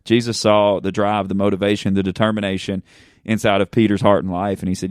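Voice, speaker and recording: A pastor talking in a casual chat, fervent and preacher-like, often asking "you know what I'm saying?". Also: male voice, on the low side, little pitch movement, a little fast, dry recording, clean studio sound. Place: in a church.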